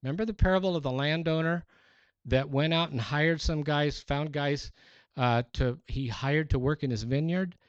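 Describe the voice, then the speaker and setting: A male pastor preaching a sermon in an animated, conversational way with playful exaggeration. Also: fairly high pitch, normal speed, dry recording. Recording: dull, dry sound.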